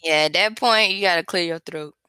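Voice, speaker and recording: A woman's voice: on the low side, fairly quick, bright, forceful tone, clean tone, no room sound. A woman co-hosting a podcast, joking and laughing along in a casual chat about wrestling. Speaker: podcast co-host.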